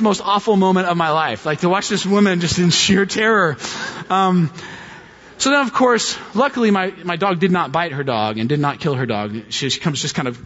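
A middle-aged man preaches to his congregation, an animated storyteller who slips into mimicking other people. His voice sits a little high. The recording is muffled and rings with the long echo of a large hall. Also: normal speed. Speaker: pastor. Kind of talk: sermon with storytelling. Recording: dull audio with long hall reverb.

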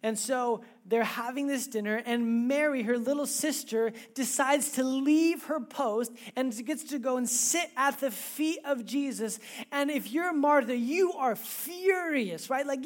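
Woman preacher, sermon delivered as casual animated storytelling, chatty asides. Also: sits high, measured pace.

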